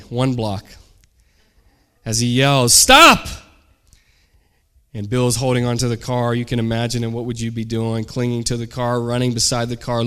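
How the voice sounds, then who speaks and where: A man's voice: mid-range voice, smooth. A man, a pastor, telling a story during a sermon and acting out the people in it. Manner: animated storyteller, acts out shouted quotes.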